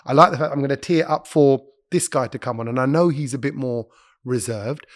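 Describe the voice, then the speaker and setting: A middle-aged man, a broadcaster and comedy host, talking quickly and animatedly in a casual podcast chat, slipping into put-on voices. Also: medium pitch.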